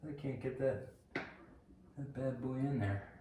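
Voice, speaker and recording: Slow, roomy, distant man working. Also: mid-range voice. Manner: rambling, talks to himself while working, joking asides. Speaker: vlogger assembling a bike. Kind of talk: casual unboxing and assembly walkthrough. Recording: roomy, distant mic, clear background noise.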